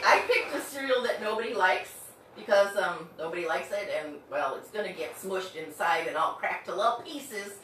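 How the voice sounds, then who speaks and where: A woman's voice: mid-range voice, expressive, moderate pace, reverberant, recorded from a distance, background noise. A woman in her fifties leading a playful online music class for young children, singing call-and-response songs. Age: 50s. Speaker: kids' music teacher.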